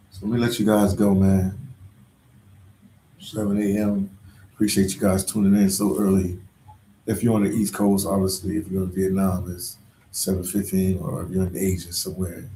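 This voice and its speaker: A man's voice: low voice, little pitch movement, normal speed, pauses often, warm tone, reverberant, a little hiss or hum. A man talking to viewers on a casual live stream, slangy and rambling. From Philadelphia. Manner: slangy and rambling, full of "like" and "you know". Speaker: travel vlogger on a live stream.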